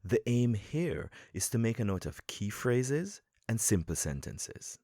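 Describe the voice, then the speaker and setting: On a language-learning podcast, a man with a very deep voice teaches English as host and coach. His explanations are calm and measured, yet his pitch rises and falls with lively emphasis. The recording is dry and close-miked, with no room sound.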